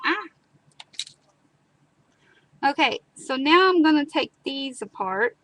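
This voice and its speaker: Expressive and taking her time, a craft video host speaks in a high, sharp voice over poor audio. During the live stream, with background noise clearly present, she chats casually, tells stories with dramatic repetitions and demos a craft.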